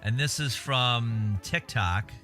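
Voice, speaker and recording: A man's voice: mid-range voice, slow, pushed and bright, faint music behind. A man chatting casually on a livestream, laid-back and swearing freely while he eats.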